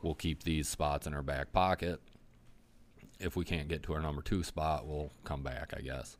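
A man with a remarkably low, rumbling voice tells a hunting story in a loose podcast chat. He talks with lively energy and swears freely. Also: normal speed.

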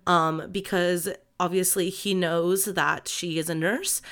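A woman's voice: lowish voice, fairly even intonation, slow pace, a bit bright. A young woman co-hosting a book podcast, talking casually and with feeling, with lots of "um" and "like" as she retells a story. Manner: emotional, lots of fillers like "um" and "like".

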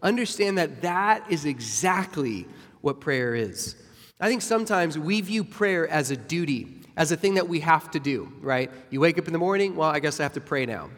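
A man's voice: on the high side, expressive, normal speed, a bit bright. A man preaching a sermon with emphatic delivery and rhetorical questions to the congregation. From United States. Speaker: pastor. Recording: long hall reverb.

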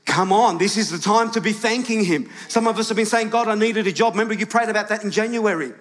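A male pastor preaching a lively sermon to his congregation, questioning the room and shouting at its peaks. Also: high-pitched, fast talker. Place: large church hall with congregation. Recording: live church hall with long reverb.

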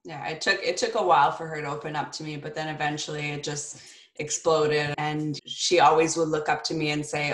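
Low-voiced woman in an echoey room. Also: level tone, moderate pace, a bit bright. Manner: earnest, storytelling, frequent restarts. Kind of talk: casual conversation.

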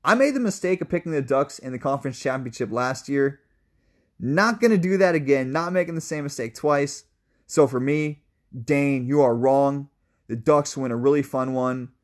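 A man's voice: medium pitch, moderate pace. A young man co-hosting a college football podcast, giving emphatic, opinionated analysis in a casual, sometimes profane way. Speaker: sports podcast co-host.

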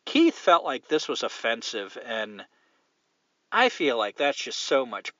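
A man's voice: mid-range voice, sing-song, unhurried, sharp tone, no echo. A man hosting a podcast alone, talking in a blunt, profane, opinionated way in casual conversation. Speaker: podcast host. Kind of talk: casual solo podcast rant. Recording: dull lo-fi dry sound.

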